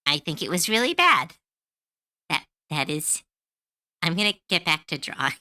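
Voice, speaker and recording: A woman's voice: fairly low pitch, big pitch swings, moderate pace, sharp tone, dry recording, clean studio sound. A woman streamer chatting casually while she draws, ranting heatedly and swearing freely. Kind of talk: casual livestream chat while drawing. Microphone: close to a desk mic.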